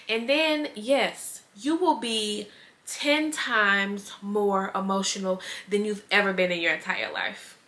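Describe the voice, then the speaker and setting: A young woman vlogger speaks to camera in a bright, clear-toned voice. Her talk is casual and earnest, full of heartfelt asides about her pregnancy. She sounds close to tears at moments. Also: mid-range voice, a little slow. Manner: earnest, heartfelt, tearful at times.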